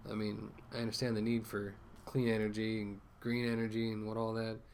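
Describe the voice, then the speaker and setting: A man's voice: fairly low pitch, monotone, fairly quick, darkish tone, slight background noise. A man ranting casually to camera as a vlogger, rambling with many fillers and restarts, talking through a mask.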